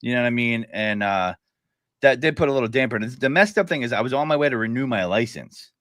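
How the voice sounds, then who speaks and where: A man's voice: mid-range voice, animated, fast, a bit bright, no echo, clean studio sound. A man co-hosting a podcast in casual chat, telling stories in a laid-back way and laughing as he talks. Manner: laid-back storyteller, laughs while talking. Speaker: podcast co-host.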